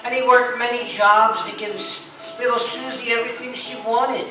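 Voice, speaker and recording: A storyteller gently telling a fairy tale to children, speaking to them directly. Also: medium pitch, level tone, normal speed. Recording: very echoey room, far mic, music.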